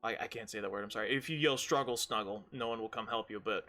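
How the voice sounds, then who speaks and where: A man's voice: on the low side, quick pace, bright, forceful tone, faint music behind. A man playing a tabletop game over voice chat, joking and laughing, and reading notes aloud to the party. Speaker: player.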